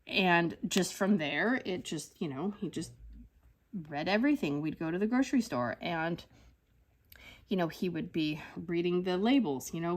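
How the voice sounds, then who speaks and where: A woman in her thirties chatting casually in a rambling, animated way while she crafts, with lots of fillers. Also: fairly low pitch, normal speed. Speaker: crafting channel host.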